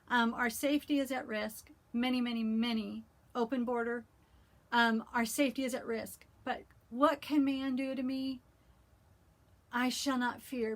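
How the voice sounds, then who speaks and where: Earnest, slightly high-voiced woman vlogger. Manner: earnest, heartfelt, many "um" pauses. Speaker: cross-stitch vlogger. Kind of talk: casual talk with scripture reading.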